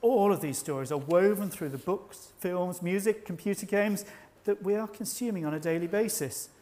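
A man preaching a sermon at a church service, measured and reflective, slowing down to stress key words. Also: sits high, dark tone. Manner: measured, reflective, slows for emphasis.

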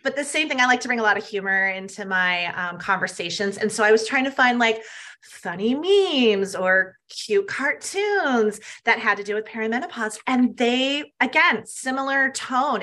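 A woman's voice: a little high, expressive, moderate pace, sharp tone. A middle-aged woman, a health coach, speaking earnestly and emphatically as a podcast guest and often adding "right?". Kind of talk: podcast interview.

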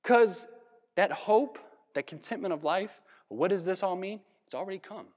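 A man from Virginia preaching a sermon in a conversational, animated way, with laughs and asides. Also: high-pitched, normal speed, long reverb tail. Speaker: pastor. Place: church hall.

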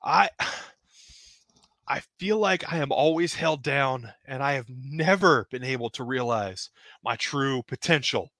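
A man voicing an impression of a frustrated male wrestler complaining on the microphone that he is always held down, self-pitying with loud outbursts. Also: medium pitch, lively intonation, slow, dry recording, exaggerated voice. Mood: aggrieved.

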